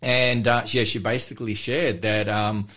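A man's voice: on the low side, level tone, moderate pace, a bit bright. A man co-hosting a radio show as a church pastor. He chats casually, rambling with many fillers and false starts. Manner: rambling, hesitant, self-deprecating.

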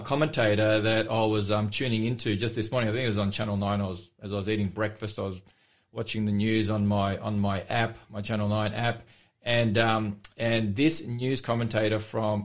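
A man from Australia, a pastor co-hosting a radio show, talking chattily with lots of fillers and easy laughter. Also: on the low side. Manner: chatty, animated, laughs often, rambling with fillers. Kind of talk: casual radio chat. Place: radio studio.

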